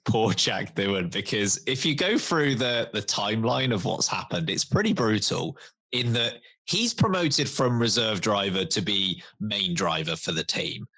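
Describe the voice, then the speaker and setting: A young man, a podcast co-host in casual chat, talking in an animated way. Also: lowish voice, unhurried, creaky. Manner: animated, laughs, puts on quoted voices.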